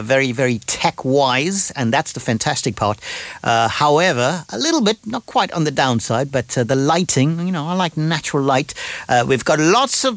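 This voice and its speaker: A man presenting a morning radio show from a studio, reading out listener shout-outs in a casual chatty way with frequent filler pauses. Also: medium pitch, dry recording. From London. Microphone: studio microphone.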